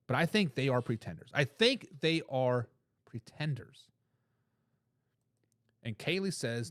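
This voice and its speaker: Male sports talk host, high and very animated pitch, emphatic and repetitive, dry close sound. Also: dry recording. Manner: emphatic, repeats his points; laughs between remarks. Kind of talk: casual sports commentary, reading viewer comments.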